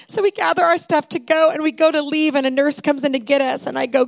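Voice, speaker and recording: A middle-aged woman tells a personal story from a stage, her voice high and edged with a gravelly fry. She retells the scene with heartfelt drama, slipping into quoted dialogue. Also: steady tone, quick pace. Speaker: speaker telling a personal story to an audience. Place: stage before a live audience.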